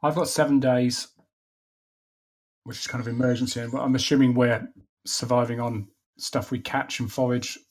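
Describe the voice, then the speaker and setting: A man's voice: medium pitch, fairly even intonation, moderate pace. A man playing a tabletop game, talking casually and checking details with the game master. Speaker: player.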